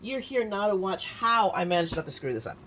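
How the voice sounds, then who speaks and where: A woman's voice: mid-range voice, animated, fairly quick, very noisy. A woman in her fifties from California, chatting through a crafting tutorial with lots of restarts and self-mocking asides. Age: 50s. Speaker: crafting YouTuber. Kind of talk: casual crafting tutorial chat.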